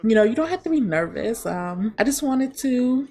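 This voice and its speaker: Woman voicing young woman, gentle, reassuring, kind, everyday voice, game let's play. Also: on the high side, very animated, moderate pace. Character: friendly young woman, yoga teacher.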